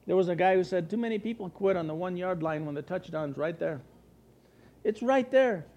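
A middle-aged American pastor preaching with a raised, high-pitched voice. He fires off questions and answers them himself, and he slips into anxious little voices to make his points. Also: fairly quick, lo-fi sound. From United States. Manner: animated, asks and answers his own questions, acts out worried voices. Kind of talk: sermon.

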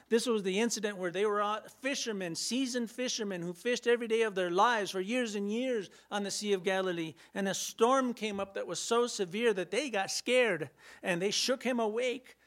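A man preaching a sermon, reading scripture and acting out Bible scenes with playful, animated humor. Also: sits high, normal speed.

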